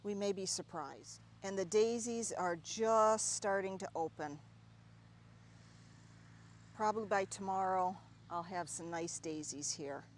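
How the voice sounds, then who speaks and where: A woman's voice: mid-range voice, measured pace, slight background noise. Chatty woman touring her garden. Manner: chatty, enthusiastic about plants. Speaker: gardening vlogger. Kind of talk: casual garden tour narration. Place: outdoor home garden.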